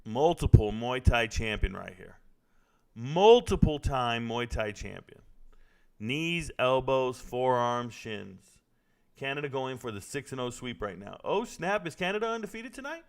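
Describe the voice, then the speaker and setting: Gravelly excitable man reacting live. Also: mid-range voice, unhurried. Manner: excitable, blurts reactions and talks to chat. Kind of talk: casual live fight commentary.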